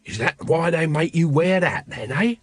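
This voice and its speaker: A man's voice: on the high side, expressive, normal speed, voice pushed up. A man voicing a lazy, cynical watchman who mumbles and rambles evasively. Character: shifty seasoned male watchman, lazy and cynical.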